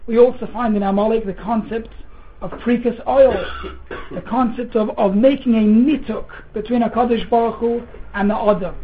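A man giving an earnest Torah lecture, mixing Hebrew terms into English, often repeating words and clearing his throat. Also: extremely high pitch, fairly even intonation, moderate pace. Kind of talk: sermon. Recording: tinny phone-like sound.

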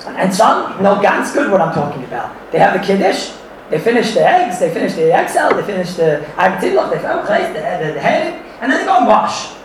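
A man giving an animated Torah class to a room full of listeners, mixing in Yiddish and Hebrew terms and often laughing as he talks. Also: high-pitched, a little fast, slight background noise. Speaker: Torah teacher. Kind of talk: lively halachic class. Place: room with audience. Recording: echoey room, far from the mic.

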